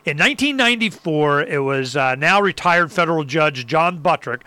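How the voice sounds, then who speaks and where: High, bright, animated storytelling man. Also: normal speed, dry recording. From Arizona. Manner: animated storyteller, acts out others and whoops. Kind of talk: casual political talk.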